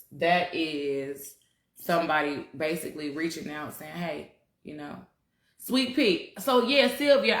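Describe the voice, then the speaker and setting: A spiritual talk host speaks casually and bluntly to her livestream viewers, swearing freely. Her voice is on the low side, and the room sounds roomy and echoey.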